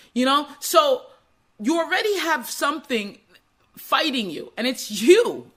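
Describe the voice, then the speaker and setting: A woman speaking in an animated motivational monologue, acting out quoted voices as she goes. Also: sits high, a little slow.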